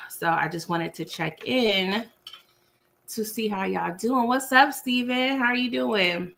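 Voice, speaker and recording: A woman with an East Coast accent hosts a casual livestream, chatting and laughing with viewers while eating dinner and chewing as she talks. Her mid-range voice is slow, gravelly, and fairly bright, and the laptop mic adds a little hiss or hum.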